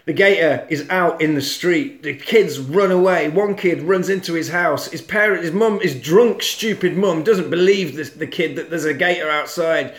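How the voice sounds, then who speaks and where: Bloke recapping a film for his mate, bit high voice, swears a lot, roomy echo. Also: moderate pace, few pauses. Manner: animated storyteller, swears, puts on silly voices. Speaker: podcast co-host. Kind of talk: casual chat, retelling a film plot.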